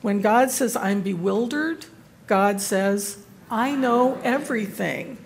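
A woman's voice: fairly high pitch, takes it slowly, vocal fry. An older woman teaching a Bible study group, giving a devotional talk with self-deprecating humor.

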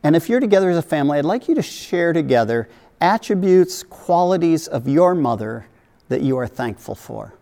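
A man's voice: on the high side, moderate pace, vocal fry. Earnest male preacher in a reverberant hall. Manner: gentle, earnest preaching with soft dips and lively acted quotes. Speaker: pastor. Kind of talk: sermon. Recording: long reverb of a large hall.

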